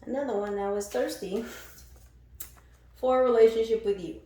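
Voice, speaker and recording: A woman's voice: on the high side, moderate pace, dark tone. A woman giving a casual tarot reading, playful and blunt, laughing, swearing and sometimes singing a line. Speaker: tarot reader. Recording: very echoey room.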